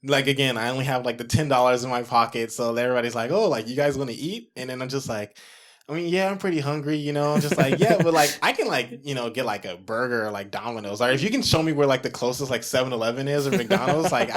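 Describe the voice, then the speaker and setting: Twenties guy telling a story, lots of "like", gets animated, average pitch. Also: quick pace. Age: 20s. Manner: animated, acts out his own reactions in a high excited voice; heavy use of filler "like". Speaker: guest, producer and audio engineer. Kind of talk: casual storytelling.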